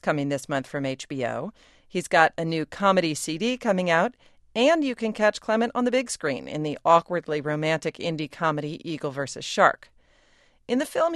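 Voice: mid-range voice, a bit bright, no room sound. A radio host reads wry scripted introductions and asks questions in a mid-range voice. The sound is close and dry, like a studio booth. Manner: crisp, wry news delivery. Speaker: radio interviewer. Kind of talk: radio interview and scripted narration.

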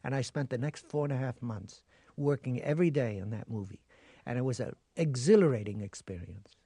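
An older man, a guest actor, telling stories in an interview, animated, acting out voices and laughing. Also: medium pitch, fairly quick, slightly rough, no echo. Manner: animated storyteller who acts out voices and laughs. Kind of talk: interview storytelling.

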